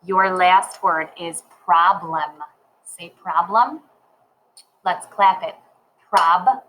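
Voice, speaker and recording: A woman teaching a reading lesson at a slow, deliberate pace. Her voice sits a little low, and she breaks each word into syllables and spells it out letter by letter. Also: fairly even intonation, fairly bright tone, a little hiss or hum, poor audio. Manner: slow, careful, sounds words out syllable by syllable.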